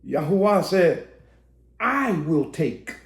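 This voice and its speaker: A man preaching a sermon to online viewers, his voice going hoarse, building to emphatic, shouted preaching. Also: on the high side, sing-song, slow pace, roomy sound. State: voice getting hoarse.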